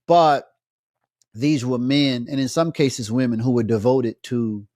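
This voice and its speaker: A man giving measured, critical reaction commentary on a debate clip, often pausing with fillers and restarts. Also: medium pitch, steady tone, darkish tone.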